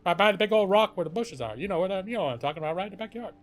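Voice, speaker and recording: A wide-eyed, overexcited viewer bursts in, breathless and shouty, dragging out a rambling tale with dramatic pauses, as a man puts him on. The voice sits high and loud, racing through the story in a frantic rush. It plays like a bit on a gaming stream. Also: expressive. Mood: breathless, excited.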